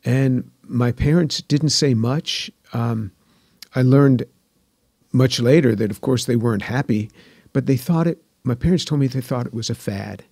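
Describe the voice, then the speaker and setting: A man in his sixties tells his story earnestly, often repeating himself and dropping to a hushed voice. His voice is gravelly and husky, a little higher than most men's. It is recorded close and dry. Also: unhurried, no room sound. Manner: earnest, repeats phrases, soft and hushed when moved. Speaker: guest, scientist. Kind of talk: earnest personal testimony in conversation.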